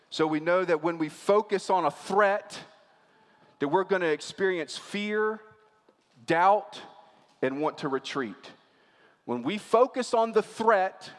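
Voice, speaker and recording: A man preaches a sermon in a noticeably high voice. He speaks to his congregation like a conversation, asking them questions as he goes. His voice carries a long reverb from the church hall. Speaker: pastor.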